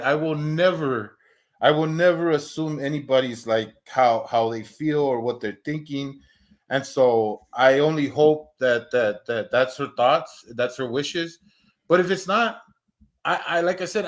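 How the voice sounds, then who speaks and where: A man in his thirties telling a long personal story in casual chat, full of restarts and repeated words, swearing now and then. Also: fairly high pitch. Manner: acts out quoted lines in a raised voice. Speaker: podcast co-host.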